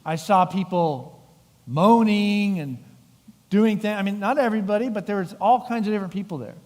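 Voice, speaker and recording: A middle-aged male pastor delivers a lively sermon, acting out the characters in the story as he goes. His voice sits high for a man. The sanctuary adds a long, ringing reverb. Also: normal speed. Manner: animated storytelling with acted-out voices. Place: church sanctuary.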